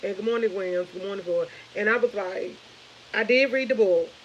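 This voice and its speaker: A woman's voice: mid-range voice, a little fast, dull audio, a little hiss or hum. A woman, in her thirties, chatting casually and rambling to viewers of her morning live stream, laughing often.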